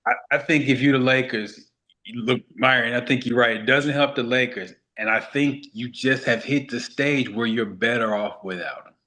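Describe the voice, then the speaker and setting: A man's voice: mid-range voice, a bit bright. A man on a basketball talk show speaks in a loose, conversational way. He circles back and repeats his points to drive them home, keeping a casual, easygoing flow. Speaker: podcast co-host.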